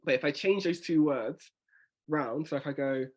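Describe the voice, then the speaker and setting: A man's voice: a little high, normal speed. A man, a spoken word poet, casually teaching a workshop and thinking aloud as he reads out and reworks his own lines.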